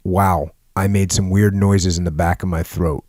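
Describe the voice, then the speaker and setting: A very low-voiced man who hosts a podcast interview. He asks things in a relaxed way, teases his guest and laughs along with him. The sound is dry and close. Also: normal speed, dry recording. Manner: easygoing, teasing, laughs along. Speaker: podcast host. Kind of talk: conversational interview.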